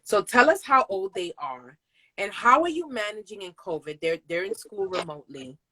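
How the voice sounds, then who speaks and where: A woman's voice: medium pitch, big pitch swings, normal speed, sharp tone, no room sound, low-quality recording. A woman hosting a casual interview chat, effusive and emphatic, laughing often as she talks to her sister. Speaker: host.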